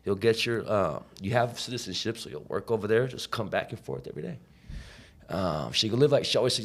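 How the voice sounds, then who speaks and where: Man, podcast guest, rapid speech, lowish voice, casual, swears, slangy fillers, quotes others. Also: animated, creaky, a bit bright, slightly rough. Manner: profane, slangy, full of "like" and "you know"; acts out quoted people in his story. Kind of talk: casual storytelling.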